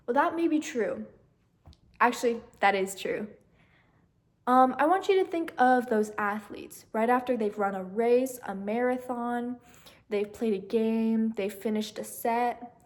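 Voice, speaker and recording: A meditation channel host, a young woman with a gentle, slightly high voice, guides the listener through a meditation. As she leads their breathing, she slows down and grows softer.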